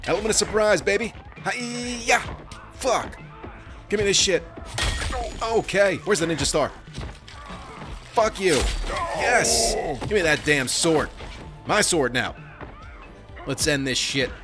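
A man's voice: sits high, lively intonation, takes it slowly, long pauses. A man giving let's play commentary, profane and joking, talking back to the characters on screen. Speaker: gaming commentator. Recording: music playing behind.

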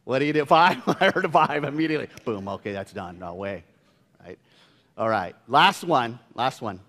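A male pastor preaching a sermon in a church, playful and lively, quizzing his congregation. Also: mid-range voice, moderate pace. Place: church sanctuary. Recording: long reverb of a church hall.

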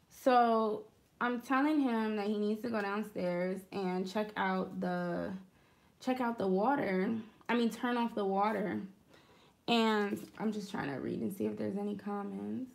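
A woman's voice: mid-range voice, fairly even intonation, measured pace, vocal fry. A woman vlogger chatting casually as she decorates a planner, rambling through a story with fillers and small asides. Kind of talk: casual storytelling while crafting.

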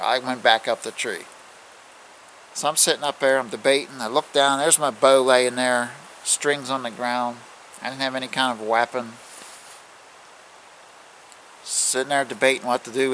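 A middle-aged man telling a true scary story in plain, casual speech, halting and restarting as he goes. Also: medium pitch, fairly even intonation, fairly bright tone, slight background noise, low-quality recording. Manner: plain-spoken, halting with restarts, acting out growls. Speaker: outdoors channel host.

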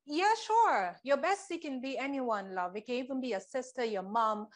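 A woman's voice: high voice, expressive, normal speed. Woman interviewer asking probing questions. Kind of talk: audition interview.

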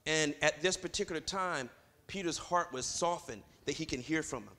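A man's voice: a little high, normal speed, sharp tone. A man pastor preaching a sermon in a church, loose and full of fillers, building to emphatic stretches. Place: church sanctuary.

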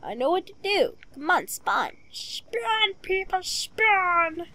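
A woman's voice: very high voice, very animated, slow pace, a bit bright. A woman hosting a let's play, giving casual gameplay commentary and talking back to the game, repeating her pleas and commands over and over.

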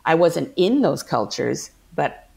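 A middle-aged woman, a guest actor, telling animated anecdotes in a casual interview and laughing often. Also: deep voice, slow, gravelly.

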